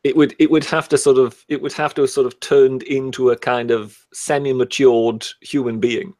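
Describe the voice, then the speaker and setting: A man, co-hosting a casual chat with a measured, hesitant and wry manner. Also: medium pitch, steady tone, darkish tone.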